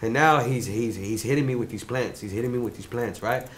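A young man casually telling a story in an animated way, swearing freely and repeating "you know what I'm saying". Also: mid-range voice, a little fast, a little hiss or hum.

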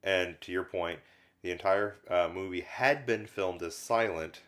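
Low-voiced man chatting about films. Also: measured pace, a bit bright. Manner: rambling, many fillers, acts out lines from scenes. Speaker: film review podcast co-host. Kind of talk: casual conversational film discussion.

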